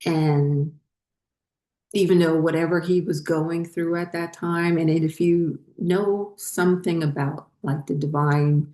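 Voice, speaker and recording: A woman talks through her own story, slow and unhurried, often pausing on ums and correcting herself as she goes. Her voice sits low and mellow. The room around her gives it a noticeable echo. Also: fairly even intonation. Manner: rambling, frequent ums and self-corrections. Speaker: spiritual channel host. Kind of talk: casual personal storytelling.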